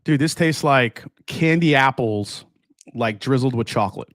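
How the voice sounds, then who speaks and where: A man's voice: mid-range voice, a little slow, a bit bright, dry recording, studio quality. A man hosting a live stream, chatting casually, reading viewer comments and tasting, with many fillers and restarts. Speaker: livestream host tasting whiskey.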